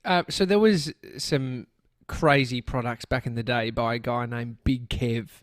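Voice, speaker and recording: A playful Australian man joking along as co-host of a casual podcast, quick to laugh. He speaks at a middle pitch, and the sound is close and dry with no room around it. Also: dry recording. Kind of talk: casual chat.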